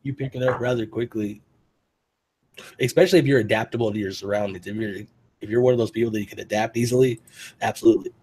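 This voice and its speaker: A man's voice: medium pitch, fast talker, a little mellow, slightly rough. A man hosting a casual chat, rambling and profane, often restarting his sentences. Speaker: host.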